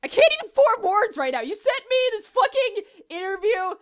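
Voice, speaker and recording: A woman's voice: very high-pitched, very animated, moderate pace. A woman in a comic rant, exasperated and stammering, with mock outrage and heavy swearing. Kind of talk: comedic rant to camera.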